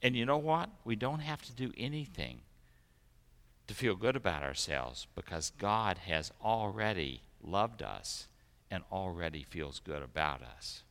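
A middle-aged man preaching a sermon, telling stories gently and then preaching with energy. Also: deep voice, expressive, a little slow. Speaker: pastor. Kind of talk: sermon and children's message. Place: church sanctuary. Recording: echoey church sanctuary.

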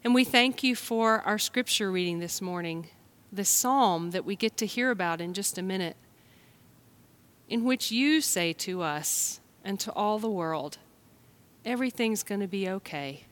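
A woman from the United States, a pastor telling a children's story and preaching a sermon in a gentle storytelling manner. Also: medium pitch, a little slow. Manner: gentle, storytelling, speaks straight to listeners.

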